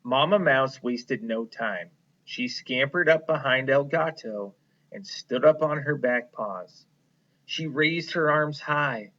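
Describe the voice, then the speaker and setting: A man's voice: medium pitch, slow, fairly bright tone, highs cut off. A male elementary school teacher reading a picture book aloud and explaining it to young children in a patient, encouraging way.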